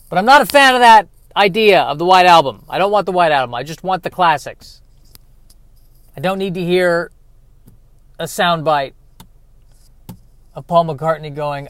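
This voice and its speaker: A man's voice: a little high, a bit bright. Rambling sarcastic male podcaster. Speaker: podcast host. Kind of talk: comedic solo monologue.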